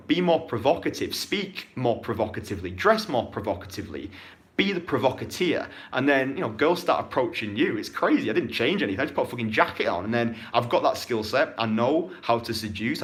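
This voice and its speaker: A man with a British accent, a dating coach ranting and answering questions in a vlog, swearing heavily and talking emphatically. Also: fairly bright tone. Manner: profane, emphatic, fast-swinging pitch. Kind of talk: motivational rant and Q&A vlog.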